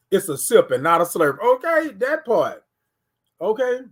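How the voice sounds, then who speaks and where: A man hosts a casual morning livestream. His voice sits high, and he talks to the viewers in an animated way, reading their comments back to them. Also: unhurried. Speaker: livestream host.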